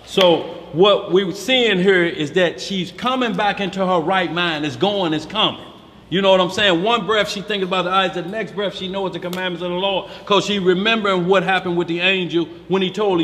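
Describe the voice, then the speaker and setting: A man teaching scripture in a lively, slangy way, acting out voices as he talks. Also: sits high, fairly quick, in a large hall, slight background noise. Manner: animated, slangy, acts out voices.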